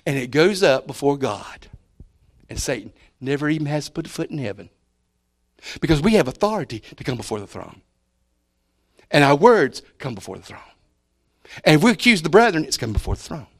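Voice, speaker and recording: Folksy preacher, a bit high. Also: male voice, very animated, brisk, pauses often. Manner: folksy, repeats key words, shifts loud to soft. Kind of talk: sermon.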